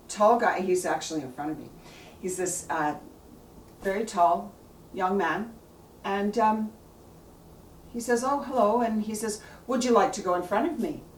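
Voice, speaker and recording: A woman's voice: mid-range voice, distant mic, slight background noise. Earnest woman telling a story in an echoey room. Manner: earnest, faith-filled, rambling with many restarts. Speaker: blogger telling a family story. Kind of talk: personal storytelling monologue. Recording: echoey room, voice a bit off-mic.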